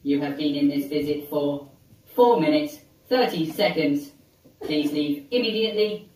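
A woman voicing a slow, formal care-system announcer. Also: low voice, darkish tone. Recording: echoey room from far off, faint noise.

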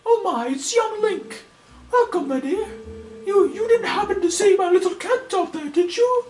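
A man's voice: extremely high pitch, expressive, normal speed, echoey room, voice pushed up, poor audio. A man voicing a fretful, doting female village shopkeeper in a breathless, fussing way.

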